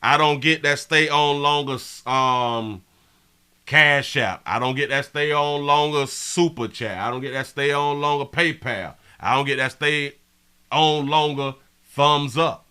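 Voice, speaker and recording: A man hosting a live stream, reading viewer comments in a brash, profane way that swings from mumbling to yelling. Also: medium pitch, measured pace, clear, resonant tone. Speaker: live show host.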